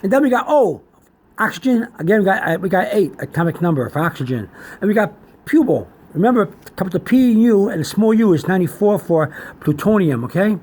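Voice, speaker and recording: Male teacher, high voice, halting delivery, spells words aloud, says okay a lot. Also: lively intonation, darkish tone. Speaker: channel host teaching chemistry and medical terms. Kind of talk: informal whiteboard lesson.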